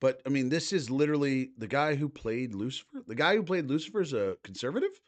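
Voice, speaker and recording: A man's voice: mid-range voice, big pitch swings, quick pace. Profane man hosting a reaction stream. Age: 30s. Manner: profane, reacting to posts and clips. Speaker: livestream host. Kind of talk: casual live commentary.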